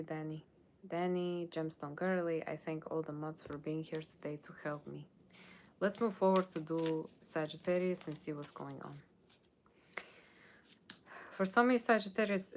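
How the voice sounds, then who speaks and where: A woman's voice: low voice, a little hiss or hum. A woman giving a live tarot reading, chatty and rambling, reading viewers' comments aloud and answering them in a playful put-on Halloween voice. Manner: puts on a playful Halloween character voice; loose, rambling delivery with frequent "okay?" and "like". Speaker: tarot reader.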